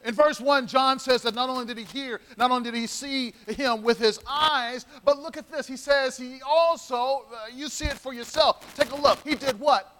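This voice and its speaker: A man's voice: very high-pitched, normal speed, a bit bright, poor audio. A man preaching a sermon as pastor. He speaks emphatically, repeats key phrases and calls out to the congregation.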